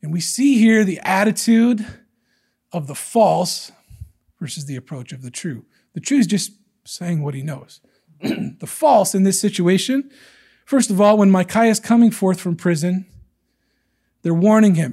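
A male preacher with a high, husky voice, delivering a lively sermon. He jumps between explaining verses and acting out the characters' lines with swings in pitch and loudness. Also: a little slow, pauses often. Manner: animated, acts out quotes from scripture in different voices.

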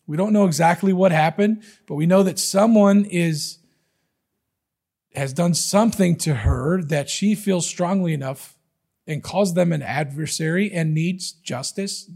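Conversational male preacher, husky and slightly raised pitch, emphatic. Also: a little mellow. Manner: conversational, emphatic Bible teaching. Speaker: pastor. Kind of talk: sermon.

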